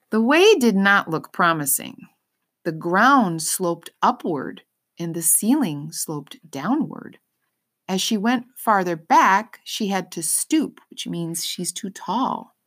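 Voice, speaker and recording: Woman narrator, lowish voice, kids' read-aloud with simple explanations. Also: fairly bright tone. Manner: pauses to explain words simply. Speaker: reader. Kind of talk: storybook read-aloud for children.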